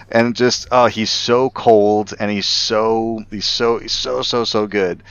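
Low, smooth-voiced man gushing casually. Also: fairly even intonation, slow, few pauses, a bit bright, no room sound, muffled recording. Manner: filler-heavy, enthusiastic, many restarts. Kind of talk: casual gaming chat.

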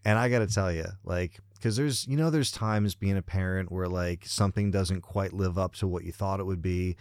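A man's voice: deep voice, moderate pace, darkish tone, smooth, dry recording, studio quality. A man, a parent, chatting casually about movies as a podcast co-host, rambling with lots of "you know" and "like" fillers. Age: parent of children.

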